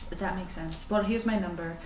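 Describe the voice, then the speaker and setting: A woman's voice: fairly low pitch, moderate pace. A woman playing her character at a tabletop game, pleading earnestly and hurriedly. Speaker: player. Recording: roomy, distant mic, faint hiss.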